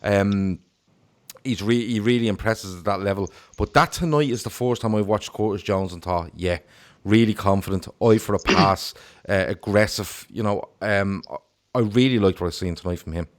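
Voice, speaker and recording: Deep-voiced man hosting a football chat. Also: normal speed. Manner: reads viewer comments aloud, animated. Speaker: podcast host.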